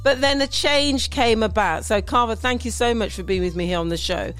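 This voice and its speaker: A woman's voice: on the high side, a little fast, a bit bright, soft background music. A woman hosting a faith talk show, interviewing a guest in an emotive, encouraging way. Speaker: show host.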